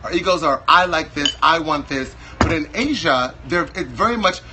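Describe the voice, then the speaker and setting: A man's voice: fairly high pitch, animated, normal speed, noisy background. A man in his thirties from Wisconsin, chatting as a guest in a flamboyant, campy, playfully exaggerated way. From Wisconsin, USA. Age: 30s. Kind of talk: casual chat.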